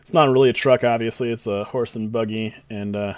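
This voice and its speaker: A man's voice: lowish voice, fairly even intonation, fairly quick, dry recording. A man narrating a tabletop game as game master, casual and joking, with frequent swearing. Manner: joking, swearing, laughing often. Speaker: dungeon master.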